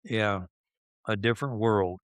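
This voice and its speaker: An older man in his seventies recounting his youth in an unhurried, halting way, full of fillers and restarts. His voice sits low and sounds smooth and resonant, recorded dry and close. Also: dry recording. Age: 70s. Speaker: interviewee recalling his youth. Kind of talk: casual reminiscing.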